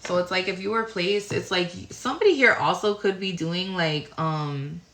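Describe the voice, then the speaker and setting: A woman's voice: fairly low pitch, normal speed, noisy background. A woman giving a casual tarot reading to viewers, rambling and searching for words, sounding tired. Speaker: tarot reader. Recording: roomy echo.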